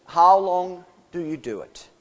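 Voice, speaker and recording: A man's voice: sits high, lively intonation, unhurried. A man preaching a sermon as pastor, emphatic and folksy, asking his listeners questions.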